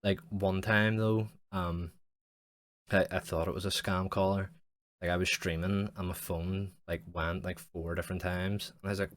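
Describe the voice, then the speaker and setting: A man's voice: deep voice, flat delivery, brisk. A young man, hosting a casual solo podcast and rambling with lots of swearing and "like". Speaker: podcast host.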